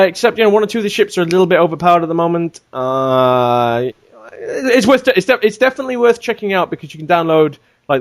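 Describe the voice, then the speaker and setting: A man telling a gaming story on a casual podcast, animated and swearing freely. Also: mid-range voice. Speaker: podcast regular.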